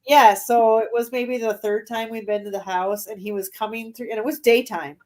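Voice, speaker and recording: A woman's voice: fairly high pitch, steady tone, moderate pace, a little mellow. A woman in her forties, a guest on an interview show, talking casually with lots of fillers and frequent laughs. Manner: chatty, laughs often, many fillers.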